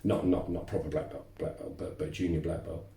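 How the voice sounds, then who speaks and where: A man, telling lively stories as a martial arts instructor guest, repeating words as he goes. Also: deep voice, brisk, creaky, far from the mic, slight background noise. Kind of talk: casual interview storytelling. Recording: roomy echo, voice off-mic.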